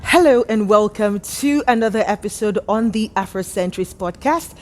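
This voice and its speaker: A woman hosting a podcast in an energetic, expressive way. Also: medium pitch, moderate pace, soft background music. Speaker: podcast host.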